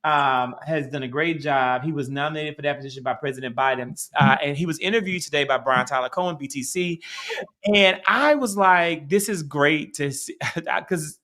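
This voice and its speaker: Middle-aged Southern man, co-host; animated, profane, bright tone. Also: fairly high pitch, normal speed. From Mississippi. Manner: animated, rambling, swears freely. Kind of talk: casual political chat.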